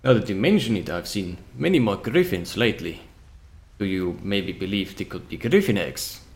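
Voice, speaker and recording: Man doing a fawning male merchant, formal put-on accent, lively swoops, tabletop game. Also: on the low side, moderate pace, a little hiss or hum. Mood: eager. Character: courtly scheming male market vendor.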